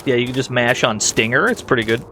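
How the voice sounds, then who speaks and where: A man's voice: medium pitch, fast talker, sharp tone, slight background noise. Playful man streaming a game. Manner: playful, laughs often, mock-dramatic. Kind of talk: casual gameplay commentary. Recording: game music under the voice.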